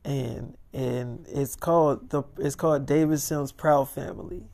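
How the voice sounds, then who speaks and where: A man's voice: medium pitch, steady tone, measured pace, creaky, a little mellow. A man telling a long, rambling first-person story in casual, profane slang.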